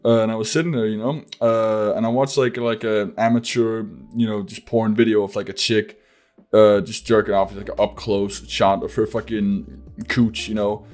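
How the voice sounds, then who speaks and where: A man's voice: lowish voice, level tone, normal speed, a little mellow. A man hosting a casual podcast who rambles profanely, packing his talk with "like" and breaking into laughs. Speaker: podcast host.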